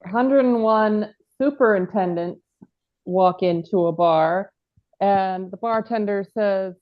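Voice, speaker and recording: A woman telling improvised jokes quickly on a video call, slipping into giggles. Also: medium pitch. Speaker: improv player. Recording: dull lo-fi call audio.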